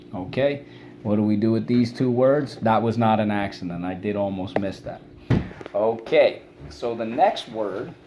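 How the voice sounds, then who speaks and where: A man's voice: on the low side, warm tone, slight background noise. A man teaching children a spelling lesson in an upbeat, coaxing call-and-response style.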